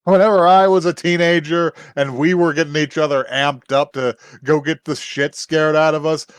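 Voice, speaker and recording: A man's voice: on the high side, steady tone, moderate pace, smooth, no room sound, studio quality. A man co-hosting a podcast, casually recapping an anime episode, laughing often and acting out quotes with lots of fillers. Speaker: podcast co-host.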